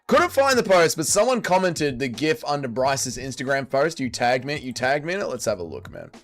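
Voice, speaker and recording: A man's voice: mid-range voice, big pitch swings, brisk, fairly bright tone, soft background music. A man with an Australian accent hosting a casual livestream, reading chat comments aloud and answering them in a blunt, crude, bantering way.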